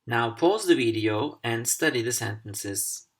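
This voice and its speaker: A man teaching English over slides, speaking slowly and deliberately with careful pauses. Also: mid-range voice, animated. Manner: slow, deliberate, carefully paced. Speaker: English language instructor. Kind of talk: slide-based recorded lesson.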